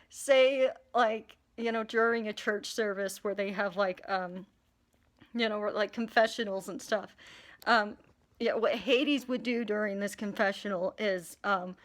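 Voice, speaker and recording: Giggly woman rambling casually. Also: on the high side. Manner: rambling with many fillers, giggly and profane. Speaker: character creator. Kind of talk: casual chat.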